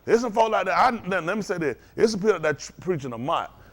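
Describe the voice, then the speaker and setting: With a high, expressive voice and a quick pace, a man gives an informal sermon. He keeps chuckling and turning to the congregation with "ain't that right?" to win their agreement.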